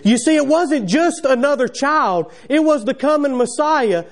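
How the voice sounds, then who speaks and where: A man's voice: extremely high pitch, animated, measured pace. A man preaching a sermon in a church, telling the story in a folksy way full of wondering questions. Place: church sanctuary.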